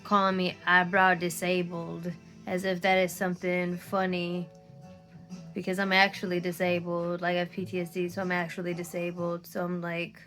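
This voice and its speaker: A woman's voice: on the low side, a bit bright. A woman ranting to her phone camera, tired and near tears, frustrated and swearing often. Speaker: content creator. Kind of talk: emotional rant to camera.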